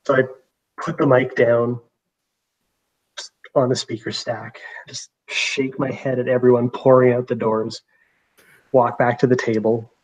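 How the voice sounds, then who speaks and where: A man playing in a tabletop game, calmly describing what his character does. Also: medium pitch, unhurried, pauses often, poor audio. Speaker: player. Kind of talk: tabletop role-play.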